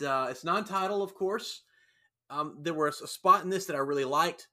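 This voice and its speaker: Bright, lively-pitched man recapping casually. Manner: animated storyteller, acts out quotes. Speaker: podcast host recapping wrestling. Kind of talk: casual chat.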